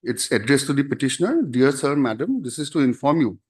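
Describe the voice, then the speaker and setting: A man arguing a case as an advocate in a courtroom, formal and halting, constantly addressing the bench. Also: medium pitch, sing-song. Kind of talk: courtroom argument.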